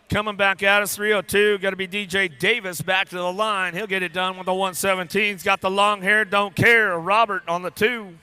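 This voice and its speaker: A man doing live race commentary at a BMX track, rattling off rider names in a rapid-fire, playful way and joking with riders and crew. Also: sits high, bright, forceful tone, smooth, dry recording. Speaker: race announcer.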